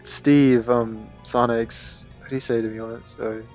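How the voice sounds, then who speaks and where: A man's voice: mid-range voice, level tone, measured pace, darkish tone, soft background music. Chatty young man with a blended accent. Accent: mixed, faintly English-tinged neutral. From Bermuda. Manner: rambling, chatty, swears freely. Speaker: live streamer. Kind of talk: casual live-stream chat.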